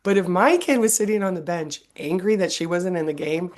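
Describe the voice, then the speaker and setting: A woman in her fifties hosting a podcast, chatting casually and telling animated stories with frequent laughter. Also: on the low side, fairly quick. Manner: animated storyteller, laughs often. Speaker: podcast host. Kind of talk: casual interview chat.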